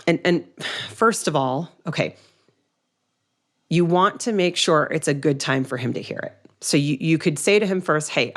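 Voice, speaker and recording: A woman in her thirties hosting a solo podcast, giving earnest, direct relationship advice with frequent restarts. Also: low voice. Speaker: podcast host, relationship coach.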